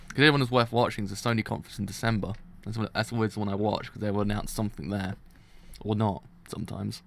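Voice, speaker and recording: A man's voice: fairly low pitch, fairly even intonation, quick pace, gravelly, a little hiss or hum. A man hosting a casual manga reaction, rambling and often stumbling over and repeating his words.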